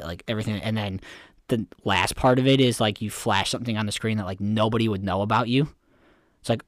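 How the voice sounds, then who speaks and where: A man's voice: lowish voice, fairly even intonation, fast, dry recording, clean studio sound. A young man co-hosting a podcast in casual chat, rambling and swearing, getting worked up as he rants. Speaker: podcast co-host.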